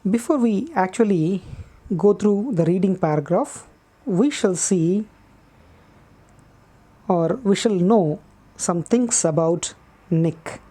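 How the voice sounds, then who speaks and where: A woman teacher explains a textbook lesson, speaking patiently and deliberately, repeating key words and pausing often. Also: medium pitch, animated, warm tone. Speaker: English teacher. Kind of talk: slow classroom explanation.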